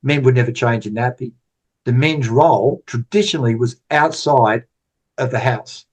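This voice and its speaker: A man's voice: mid-range voice, normal speed, husky. A man in his sixties, a podcast guest telling stories in casual talk, rambling and repeating words. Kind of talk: casual storytelling interview.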